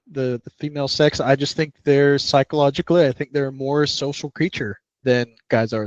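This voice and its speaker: A man's voice: mid-range voice, a little mellow, no room sound. A man joins a casual panel over a video call. His audio is dull and a little muffled but dry. He hesitates and restarts his sentences as he makes his point. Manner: hesitant, repeating his starts.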